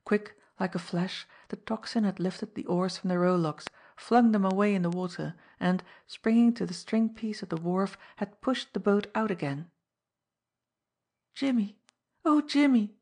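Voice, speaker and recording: A woman narrating an adventure novel as an audiobook in a measured storytelling manner. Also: mid-range voice, darkish tone. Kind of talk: scripted narration.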